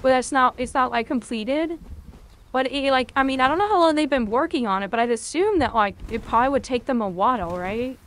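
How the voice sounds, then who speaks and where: High-voiced, excitable streamer woman. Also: brisk. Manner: excitable, swears often, talks to chat. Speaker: game streamer. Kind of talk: live gameplay commentary.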